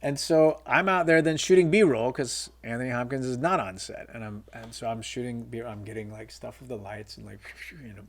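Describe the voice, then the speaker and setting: A man's voice: mid-range voice, brisk, few pauses. A middle-aged filmmaker, a man, telling stories casually in an interview, with many fillers and quoted dialogue. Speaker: guest filmmaker.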